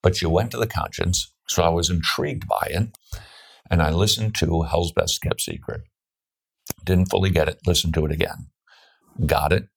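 A man's voice: sits low, moderate pace, gravelly, breathy edge. A man hosting a radio interview in a casual, teasing way, joking with his guest and telling stories. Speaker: radio host.

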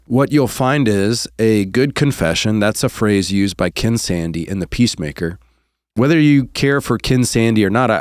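A man's voice: on the low side, dry recording, clean studio sound. A man hosting a podcast, teaching earnestly and explaining step by step, with references to scripture. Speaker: host and counseling professor.

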